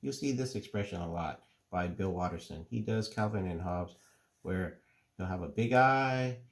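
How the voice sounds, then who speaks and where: A middle-aged man calmly explaining, step by step, how to draw cartoon faces. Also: low voice. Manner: relaxed, unhurried step-by-step explaining. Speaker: drawing teacher. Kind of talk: casual drawing tutorial.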